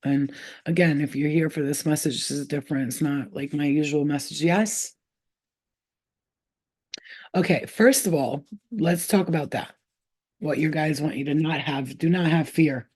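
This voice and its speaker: A woman giving a casual spiritual reading to her viewers, animated and excitable, swearing freely and repeating herself as she talks. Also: deep voice, moderate pace, slightly rough. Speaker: spiritual reader.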